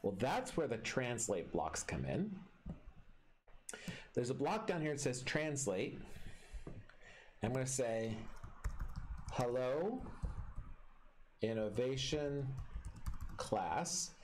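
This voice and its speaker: A man's voice: medium pitch, sing-song, slow, pauses often, slight background noise. A male teacher walking students step by step through a screen-recorded classroom tutorial in a friendly way.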